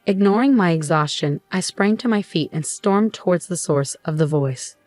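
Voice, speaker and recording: A woman telling a first-person story as narrator in an even, steady scripted delivery. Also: lowish voice, moderate pace, dry recording, faint music behind.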